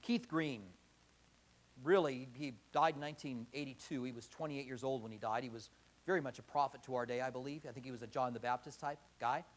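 A man's voice: medium pitch, brisk. A man preaching a sermon as pastor, impassioned and building to emphatic exhortation in a church.

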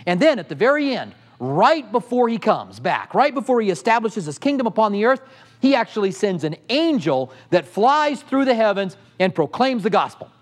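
A man's voice: sits high, very animated, moderate pace. A middle-aged male pastor teaching a sermon with passion, firing off rhetorical questions at the congregation.

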